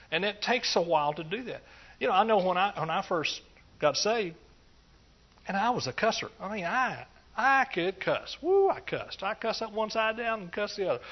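A middle-aged man, preaching a sermon as a pastor in a folksy, joking manner with bursts of animated praise. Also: sits high. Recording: dull lo-fi sound.

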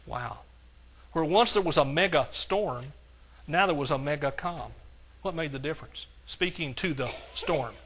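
A man preaching a sermon as pastor, with emphatic lines that swing from soft to hollering. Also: a little high, unhurried, slightly rough.

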